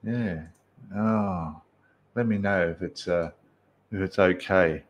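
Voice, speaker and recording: A man's voice: low-pitched, slow pace, muffled recording. Chatty Australian man hosting a stream. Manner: chatty, greets viewers one by one. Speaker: live stream host. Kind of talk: casual live stream chat.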